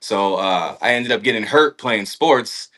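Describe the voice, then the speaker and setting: A man's voice: fairly low pitch, expressive, unhurried, sharp tone. A man from California, a dancer and choreographer, talking as a podcast guest in a laid-back way with dry humor. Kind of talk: casual chat.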